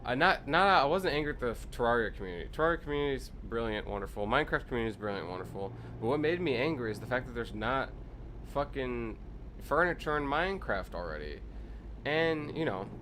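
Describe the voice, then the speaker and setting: A man's voice: medium pitch, sing-song, quick pace, fairly bright tone, slight background noise. Rambling young man ranting over gameplay. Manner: rambling, profane, ranting storyteller. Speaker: streamer. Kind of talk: casual gameplay commentary.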